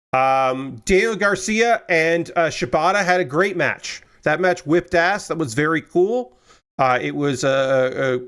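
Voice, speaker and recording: A man's voice: a little high, a bit bright. A young man chatting casually on a stream, rambling and exasperated, swearing freely and firing off repeated questions. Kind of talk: casual chat while building a model kit.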